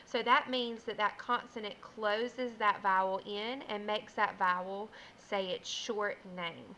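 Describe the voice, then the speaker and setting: A woman teacher giving a first grade phonics lesson, explaining slowly and clearly and sounding out words. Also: medium pitch, pushed and bright, slight background noise, rough recording.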